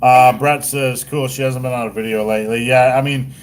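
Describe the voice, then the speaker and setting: A man's voice: mid-range voice, steady tone, a little fast, crowd noise. Rambling, profane male livestream host. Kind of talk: casual livestream chat.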